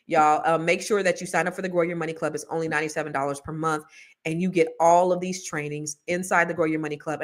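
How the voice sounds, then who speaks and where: Woman podcast host, middle-aged, chatty and off-the-cuff, lower voice. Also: fairly bright tone. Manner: chatty, rambling, laughs a lot, slangy. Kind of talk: casual chat with viewers.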